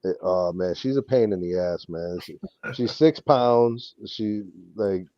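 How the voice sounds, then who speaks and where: Low-voiced man swearing through a casual story. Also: lively intonation, measured pace, dry recording, lo-fi sound. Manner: profane storyteller, mimics others in raised voices. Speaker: co-host on comic unboxing stream. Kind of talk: casual chat. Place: home.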